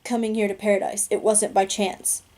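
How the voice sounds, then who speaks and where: A woman's voice: medium pitch, fairly even intonation, moderate pace, a little mellow, lightly acted. A woman reading the lines of a dying older male mentor, speaking in a weak whisper. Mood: faint, tender.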